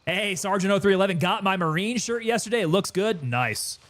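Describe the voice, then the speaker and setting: A man with a slightly higher-than-usual voice gives loose, chatty commentary as he plays. He talks easily to his viewers, now and then short of breath. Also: brisk. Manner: relaxed, chatty, sometimes winded. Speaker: gaming streamer. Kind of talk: casual gameplay commentary.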